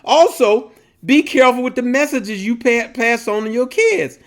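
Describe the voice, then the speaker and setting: A middle-aged man co-hosting a casual talk show, an animated storyteller who laughs often. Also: very high voice, moderate pace. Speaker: podcast co-host. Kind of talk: casual chat.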